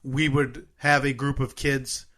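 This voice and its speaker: A man's voice: mid-range voice, little pitch movement, unhurried, fairly bright tone. Midwestern male co-host, casual and playful, loose rambling delivery. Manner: rambling, self-correcting, playful. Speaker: podcast co-host. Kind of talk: casual chat.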